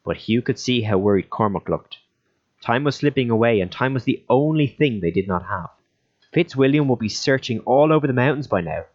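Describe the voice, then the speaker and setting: A man narrating a story in a steady audiobook reading style. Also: medium pitch, brisk. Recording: dull lo-fi recording.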